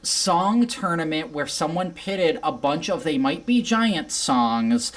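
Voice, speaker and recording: A woman's voice: sits low, expressive, takes it slowly. A woman hosting a casual interview, curious and rambling, with many fillers. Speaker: podcast host.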